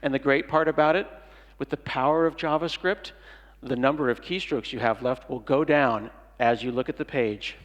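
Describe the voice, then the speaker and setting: A man's voice: medium pitch, normal speed. A middle-aged man giving a comedic keynote talk at a conference, playful and jokey, acting out little dialogues. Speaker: conference speaker. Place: large conference hall. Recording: long hall reverb.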